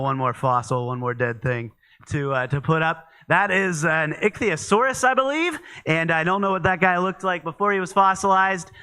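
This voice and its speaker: A man teaches in a church in a loose, conversational sermon style. His voice is very bright and ringing, clean and smooth, and pitched a little high for a man. He trips over his words often and keeps going with fillers and restarts. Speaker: pastor.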